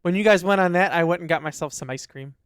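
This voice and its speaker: A man co-hosting a podcast in casual chat, telling an animated story and acting out what his dog would say. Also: a little high, fast talker, clean tone, dry recording, clean studio sound. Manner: animated storyteller, acts out his dog's lines. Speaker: podcast co-host.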